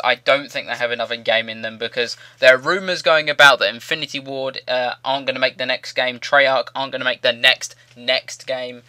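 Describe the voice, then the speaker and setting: A man's voice: medium pitch, bright, forceful tone, clear, resonant tone, no room sound. A young man chatting casually to viewers in a gaming commentary, rambling and repeating himself. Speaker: gaming YouTuber. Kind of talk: casual commentary over gameplay.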